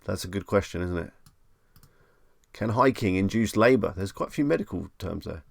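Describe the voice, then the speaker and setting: Male streamer, low and gravelly, dry close mic, casual chat host who reads out questions and riffs on them. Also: expressive, moderate pace, no echo. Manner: chatty, reads questions aloud and muses on them.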